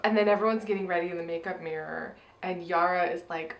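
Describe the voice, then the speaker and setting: A woman's voice: on the low side, steady tone, fast talker, dull audio. A woman co-hosting a casual chat about a TV episode, acting out quotes in playful voices. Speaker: podcast co-host. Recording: echoey room.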